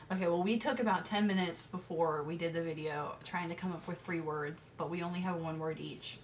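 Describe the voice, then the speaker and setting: A woman's voice: lowish voice, slight background noise. A young woman in casual chat, laughing often and a little self-conscious. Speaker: vlogger.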